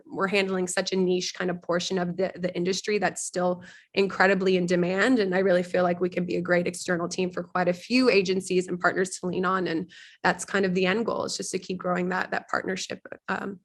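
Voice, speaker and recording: A young adult woman with a husky voice from a cold, chatting casually as a podcast guest about her work, talking quickly with many fillers and restarts over a video call. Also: on the low side, a bit bright. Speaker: podcast guest, partnerships lead. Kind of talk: casual business chat.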